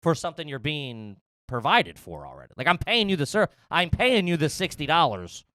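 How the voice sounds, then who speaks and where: A man's voice: fairly high pitch, very animated, moderate pace, bright, forceful tone, dry recording, clean studio sound. A man hosting a casual comedy chat, telling a story, acting out other people's lines and swearing freely. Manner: swearing, acts out quotes of others. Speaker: podcast host.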